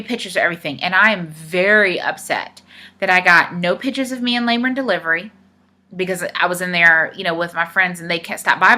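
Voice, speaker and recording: A woman's voice: lowish voice, bright, forceful tone. A young woman vlogger casually telling a personal story to her camera, retelling conversations with lots of "I said" and "he's like". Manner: chatty, retells dialogue with many "I said", "he's like".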